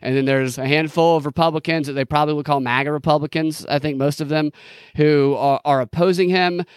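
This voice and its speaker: A man's voice: fairly high pitch, fairly even intonation, fairly quick, clean tone, no room sound, clean studio sound. A man co-hosting a podcast, giving casual, sarcastic, rambling political commentary. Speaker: podcast co-host.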